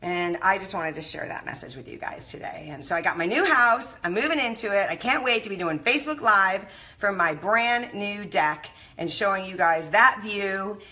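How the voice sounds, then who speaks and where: Bright-voiced effusive woman live-streaming. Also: medium pitch, moderate pace. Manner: animated and effusive, greets viewers by name. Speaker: motivational live-stream host. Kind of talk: casual motivational talk on a live stream.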